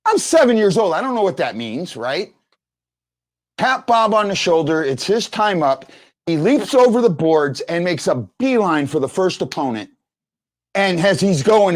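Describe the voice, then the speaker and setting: A man hosting a sports fan show, telling stories in a rambling casual way with many restarts. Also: high-pitched. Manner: rambling storyteller, restarts often.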